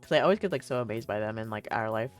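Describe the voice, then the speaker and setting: A woman's voice: a bass voice, lively intonation, rapid-fire, faint music behind. A young woman streaming a game, chatting casually and reading the story aloud, rambling with many fillers and frequent laughs.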